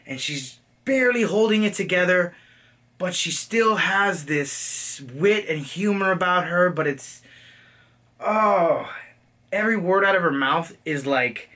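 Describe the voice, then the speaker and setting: A man with a high, bright, forceful voice rants casually about a movie he just saw, swearing freely and jumping into goofy impressions of the characters. He sits a little back from the mic, so his voice has some distance. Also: measured pace. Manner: animated, profane, acts out quotes in silly voices. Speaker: movie reviewer. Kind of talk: casual movie reaction rant.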